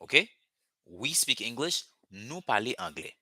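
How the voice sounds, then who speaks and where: Man, forceful bright voice. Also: medium pitch, very animated, husky, dry recording. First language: Haitian Creole. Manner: patient, repeats words slowly for drilling. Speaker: language teacher. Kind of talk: live online language lesson.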